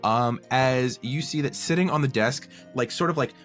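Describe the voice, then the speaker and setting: A man's voice: medium pitch, normal speed, a bit bright, soft background music. A man narrating as game master, rambling with many fillers as he describes scenes.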